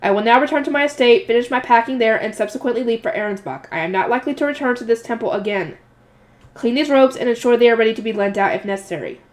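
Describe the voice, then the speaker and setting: A woman voicing a stern, formal male noble who was once a high priest, giving curt orders. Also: fast, close to an everyday voice.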